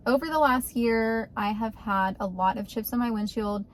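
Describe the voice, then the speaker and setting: A woman's voice: on the high side, normal speed, background noise. Chatty woman. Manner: chatty, exasperated. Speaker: vlogger. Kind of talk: casual vlog. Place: outdoors beside her car.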